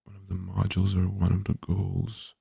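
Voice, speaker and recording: A man's voice: sits low, monotone, normal speed, gravelly, mellow, breathy edge, no echo. A man, a game developer, thinking aloud casually while coding, hesitant with many filler sounds.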